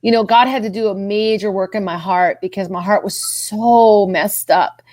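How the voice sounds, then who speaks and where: A woman's voice: mid-range voice, fairly even intonation, normal speed, darkish tone, no room sound. A woman guest on a podcast telling her personal story of faith, earnest and repeating herself as her voice rises when she is moved. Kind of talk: emotional personal testimony.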